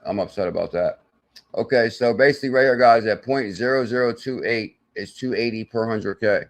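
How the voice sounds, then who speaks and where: A man hosting a live crypto stream, talking in an excitable, salesy way with loud outbursts, thinking aloud as he works through sums and reads the viewer chat. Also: on the low side, brisk. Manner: thinks aloud while doing sums and checking charts. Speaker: crypto channel host.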